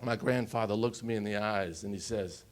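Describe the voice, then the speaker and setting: A man in his forties from the United States, giving an emotional personal story on a conference panel and often pausing to check in with the audience. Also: on the low side, fairly even intonation. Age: 40s. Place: conference stage.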